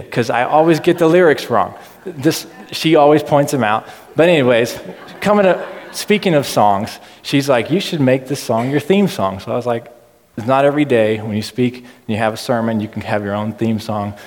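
A man giving a casual, chatty sermon in a low-key, self-deprecating way. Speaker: preacher. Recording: reverberant hall.

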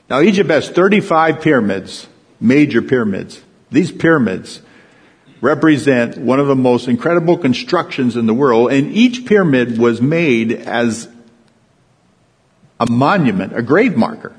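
A man's voice: mid-range voice, lively intonation, measured pace, husky, long reverb tail. A man, a pastor preaching a sermon in a folksy storytelling way, with emphatic rises.

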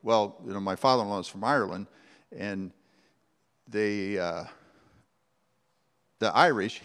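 A man's voice: fairly low pitch, normal speed, pauses often, a bit bright. Man preaching in a reverberant hall. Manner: earnest, conversational preaching with rhetorical questions. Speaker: pastor. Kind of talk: sermon.

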